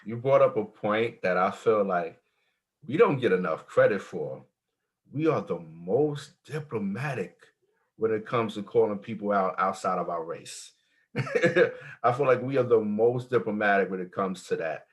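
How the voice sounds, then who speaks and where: A man's voice: on the low side, lively intonation, a little slow. A man joining a casual panel discussion, talking loosely with many fillers.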